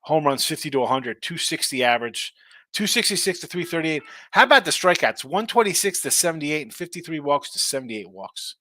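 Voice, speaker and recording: A man's voice: fairly high pitch, lively intonation, a little fast, bright, forceful tone, dry recording. A man hosting a sports betting live stream, rambling and thinking aloud in casual chat. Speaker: sports betting show host.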